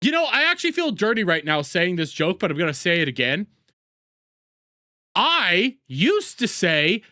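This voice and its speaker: A man's voice: high-pitched, big pitch swings, normal speed, sharp tone, no echo, clean studio sound. Crude sarcastic male reaction streamer. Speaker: commentary streamer. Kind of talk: reaction commentary.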